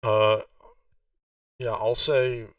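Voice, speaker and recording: A man's voice: mid-range voice, little pitch movement, drawn-out words, no room sound. A man narrating a tabletop game as game master, rambling with many fillers. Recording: distant muffled mic.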